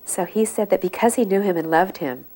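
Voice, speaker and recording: A woman devotee recounting memories in relaxed, meandering anecdotes. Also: medium pitch, fairly quick.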